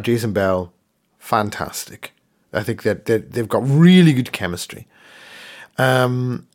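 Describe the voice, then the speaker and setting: A man co-hosting a podcast, chatting casually and ranting, often repeating words as he gets worked up. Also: mid-range voice. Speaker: podcast co-host. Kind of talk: casual chat.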